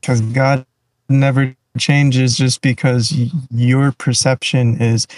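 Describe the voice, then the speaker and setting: A man's voice: mid-range voice, little pitch movement, slow pace, darkish tone, no room sound, low-quality recording. A man in a casual faith conversation, speaking reflectively with restarts and trailing phrases.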